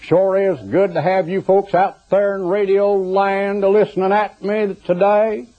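A man putting on a folksy Southern radio preacher, drawling slow and pitched well above a normal speaking voice. The recording is dull and lo-fi. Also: flat delivery. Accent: Southern US drawl put on.

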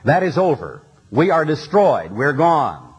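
A man's voice: on the high side, sing-song, measured pace, breathy edge, muffled recording. A man preaching an impassioned sermon in a large arena, reading scripture aloud and building lists in a rising cadence.

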